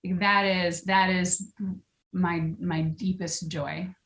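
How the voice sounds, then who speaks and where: A woman wellness coach talking in a casual interview, earnest and quick to laugh, at times reading aloud with feeling. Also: on the low side, level tone, fairly bright tone. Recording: roomy echo.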